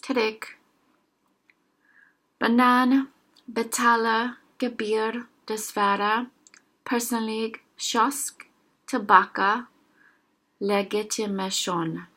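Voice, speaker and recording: A young woman giving a casual language lesson, slowly sounding out single words one at a time for listeners to repeat. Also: fairly high pitch, fairly even intonation, pushed and bright. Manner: slow, careful word-by-word pronunciation drills. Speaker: language teacher.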